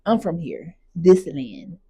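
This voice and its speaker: Blunt woman ranting to camera, dark voice. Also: lowish voice, very animated, takes it slowly, slightly rough, no echo. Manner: blunt, emphatic, repeats points. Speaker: vlogger. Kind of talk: casual direct-to-camera rant.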